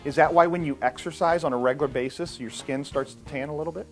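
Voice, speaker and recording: Man, classroom lecture, rhetorical questions, slightly high voice, faint music. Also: fast talker.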